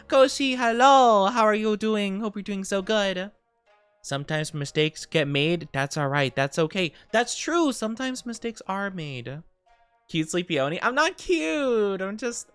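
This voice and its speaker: A young adult woman streaming live, chatting casually and greeting viewers by name, a little tired and quick to giggle. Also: mid-range voice, lively intonation, smooth, no room sound, soft background music. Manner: chatty, reads viewer comments aloud and greets them, giggly.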